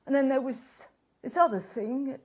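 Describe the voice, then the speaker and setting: A woman's voice: sits high, a little slow, darkish tone. A woman playing an earnest, self-pitying middle-aged activist, rambling and dramatizing her own story in a one-woman comedy show. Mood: tearful, confiding. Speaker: guest in a comedy sketch.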